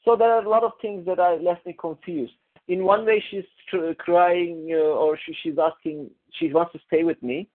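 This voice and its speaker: A man on a coaching call, talking in a halting way, restarting and searching for words. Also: high-pitched, steady tone. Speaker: coaching client. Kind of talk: casual conversation on a coaching call. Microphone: call audio. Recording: narrow phone-line call audio.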